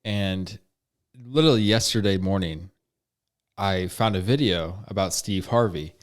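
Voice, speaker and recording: A man with a slightly low voice co-hosts a casual podcast. He tells a story in a relaxed, halting way and pauses often on fillers. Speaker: podcast co-host.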